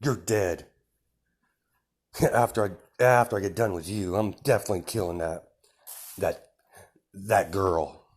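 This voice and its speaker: A man's voice: sits low, measured pace, pauses often. A man voicing a brutal, angry adult male villain who snarls threats. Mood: threatening.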